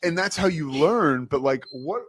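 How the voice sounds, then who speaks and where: A man's voice: a little high, expressive, unhurried, a bit bright, no echo. Man chatting on a talk show, dry sound. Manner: conversational, repeats words when starting sentences. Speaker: host. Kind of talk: casual chat.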